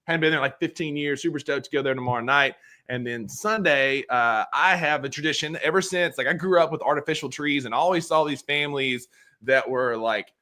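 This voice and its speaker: Male podcast co-host, bright voice, enthusiastic and chatty. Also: a little high, brisk. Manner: upbeat, enthusiastic, laughs often. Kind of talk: casual sports podcast chat.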